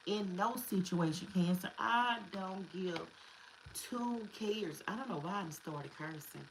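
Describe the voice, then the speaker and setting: A woman's voice: medium pitch, slow pace, a little hiss or hum, rough recording. A woman giving a casual spiritual tarot reading, emphatic and repetitive, slipping into slang and curses. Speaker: tarot reader.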